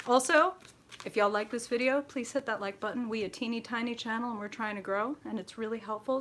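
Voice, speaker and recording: A woman's voice: fairly quick, a little hiss or hum. A woman hosting a live tarot stream, chatting with viewers and laughing often. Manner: laughs often, greets viewers with high excited shouts. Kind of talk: bubbly live-stream chat.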